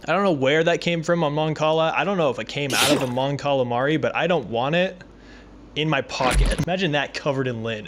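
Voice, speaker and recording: A man's voice: mid-range voice, quick pace, a little hiss or hum. Sarcastic man doing a comedy recap. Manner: sarcastic, swearing, does silly mock voices. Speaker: YouTube recap host.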